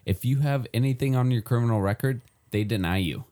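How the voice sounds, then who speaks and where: A man's voice: medium pitch, fairly quick, mellow. A man in casual conversation, dropping wry interjections and telling short anecdotes. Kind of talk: casual chat.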